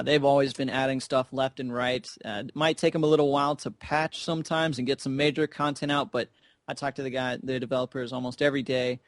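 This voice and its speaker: A man's voice: medium pitch, no echo. A man casting an online game tournament in a chatty, rambling, joking way, talking into a headset. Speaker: esports caster. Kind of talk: casual game commentary.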